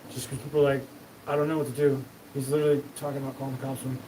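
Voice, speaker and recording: A man's voice: mid-range voice, little pitch movement, rapid-fire, dark tone. A man hosting his own show, talking in a rambling livestream monologue that is profane and jumps from topic to topic. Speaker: show host. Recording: distant mic, clear background noise.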